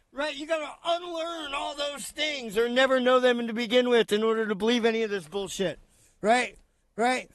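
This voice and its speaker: A man with a very high voice doing reaction commentary, speaking slowly and deliberately. He is sarcastic and profane, and his voice sounds close and dry. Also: a bit bright, no room sound.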